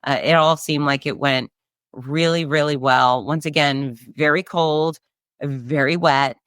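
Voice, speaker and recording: A middle-aged woman hosting a casual solo chat, upbeat and breezy, her voice nasal and hoarse. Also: deep voice, fairly bright tone, no echo, studio quality. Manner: chatty and upbeat, breezy asides. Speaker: race announcer and show host.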